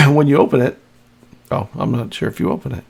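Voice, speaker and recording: A man narrating as game master of a tabletop role-playing game, describing scenes with halting restarts. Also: mid-range voice, gravelly, fairly bright tone, breathy edge.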